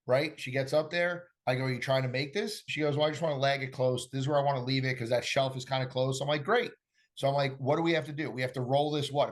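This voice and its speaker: Animated storytelling golf coach, man. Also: medium pitch. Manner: animated storyteller acting out dialogue. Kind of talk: casual podcast conversation.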